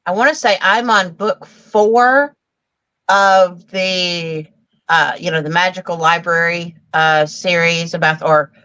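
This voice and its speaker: A woman in a casual live book chat who rambles through her stories with halting restarts. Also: on the low side, fairly even intonation, bright, forceful tone, clean tone, no echo, muffled recording.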